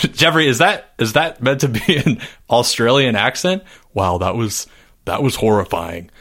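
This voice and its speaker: A man's voice: mid-range voice, unhurried, fairly bright tone. A man hosting a casual listener Q&A, friendly and easily amused, keeping things moving. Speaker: podcast host. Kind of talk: casual chat.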